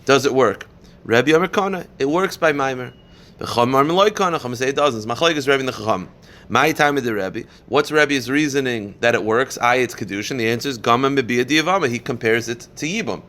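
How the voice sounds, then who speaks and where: A man's voice: mid-range voice, fairly bright tone. Male rabbi in a mid-range voice who leads a Talmud class, walks through each point and keeps asking and answering his own questions. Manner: explains step by step, poses and answers questions; reads Aramaic passages quickly, then translates.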